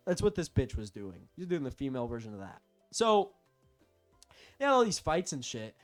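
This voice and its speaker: A man's voice: high-pitched, sing-song, moderate pace, soft background music. A young man telling a story in a casual, profane, rambling rant as a vlogger.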